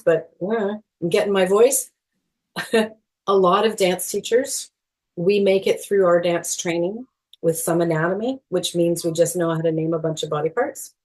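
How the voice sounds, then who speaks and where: Earnest middle-aged woman, lowish voice. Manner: earnest, animated, laughs often, many fillers. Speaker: guest, movement educator. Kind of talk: podcast interview.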